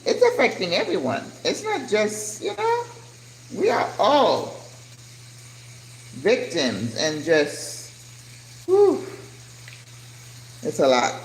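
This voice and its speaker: A woman's voice: lowish voice, huge pitch swings, slow. An older woman hosting a casual cooking livestream, chatting animatedly and answering viewer comments as she cooks. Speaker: cooking channel host. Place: home kitchen. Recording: echoey kitchen with frying noise.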